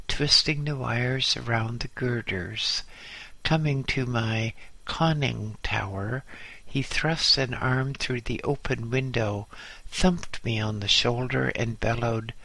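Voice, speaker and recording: A man narrating a memoir audiobook in a measured, dryly humorous way. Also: mid-range voice, steady tone, vocal fry, sharp tone, no room sound.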